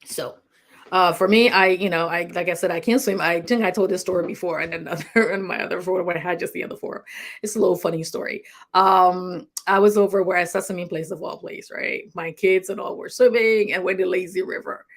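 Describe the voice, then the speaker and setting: A woman's voice: fairly low pitch, fairly even intonation, brisk. A middle-aged woman from Liberia, a clinician, giving casual safety tips to an online audience in a rambling, conversational way with many restarts and chuckles. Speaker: health talk host, clinician.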